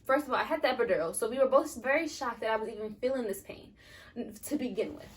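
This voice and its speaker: A young woman vlogger with a slightly high voice and lively intonation talks fast, telling a personal story in a casual, rambling way. Her speech is full of "like" and "um" fillers, and her voice sounds a bit distant from the mic.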